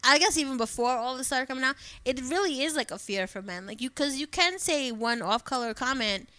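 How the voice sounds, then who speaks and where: A woman's voice: high voice, animated, brisk, sharp tone, dry recording. A woman co-hosting a podcast, talking candidly in casual chat, swearing freely and acting out what people said. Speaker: podcast co-host.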